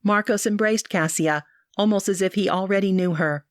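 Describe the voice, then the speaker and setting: A woman reads an audiobook in a steady, measured manner, her voice at a medium pitch. The studio recording is clean, with no room sound.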